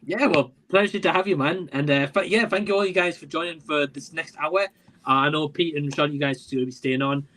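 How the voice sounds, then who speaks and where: A man hosting a casual livestream talk show, relaxed, reading out viewer comments. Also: on the high side, a little fast. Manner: relaxed, laughs along, reads out comments. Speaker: host.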